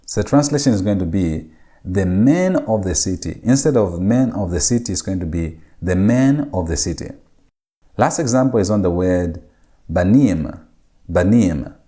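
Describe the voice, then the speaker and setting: A man with a low, mellow voice teaches a grammar lecture. He explains patiently and repeats key words slowly so they sink in. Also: animated. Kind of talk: recorded lecture.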